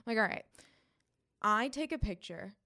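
Profane, animated woman telling a story. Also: fairly high pitch, unhurried, gravelly. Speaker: podcast co-host. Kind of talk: casual storytelling chat.

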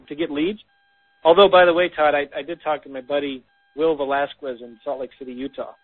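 Man giving advice over a phone line. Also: on the high side. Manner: practical, advisory, frequent "um" fillers. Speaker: podcast co-host. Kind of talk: casual business talk.

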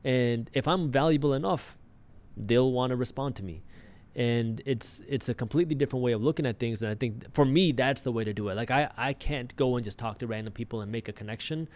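A man's voice: medium pitch, a little mellow. A man appearing as a podcast guest, talking in an easygoing, casual way and often chiming in with short agreements. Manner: quick, easygoing, lots of short agreeing replies. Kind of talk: casual conversation.

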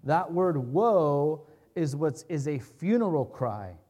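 A man's voice: on the high side, expressive, slow pace, dark tone. A man preaching an expository sermon in a conversational, earnest way, often checking in with his listeners and restating his points. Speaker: pastor.

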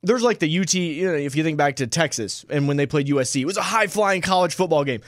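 A man's voice: fairly high pitch, lively intonation, quick pace, no room sound. A man co-hosting a radio show, chatting casually about football and addressing listeners as folks. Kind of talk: casual sports chat.

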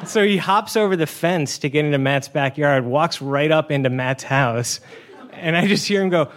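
A man's voice: fairly high pitch, normal speed. A young man telling a funny personal story on a stage, chatty, full of "uh" and "like", laughing as he goes. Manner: chatty, many "uh" and "like" fillers, laughing through the story. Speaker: storytelling contestant. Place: stage before a live audience.

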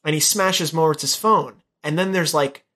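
A young man in casual conversation, recounting a movie scene by scene. His voice sits a little high for a man, and he drops into quick impressions of the characters as he goes. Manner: animated retelling, acting out characters' lines. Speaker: podcast co-host. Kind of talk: casual movie recap chat.

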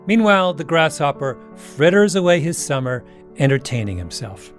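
A man's voice: a little high, big pitch swings, moderate pace, soft background music. A man hosting a podcast, delivering scripted storytelling narration in a wry, dramatic way. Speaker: podcast host.

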